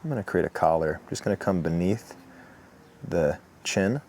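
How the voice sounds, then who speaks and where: Deep-voiced man teaching woodcarving. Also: moderate pace, a little hiss or hum. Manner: relaxed, chatty, with asides. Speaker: woodcarving instructor. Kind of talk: step-by-step tutorial narration. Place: outdoors in the morning.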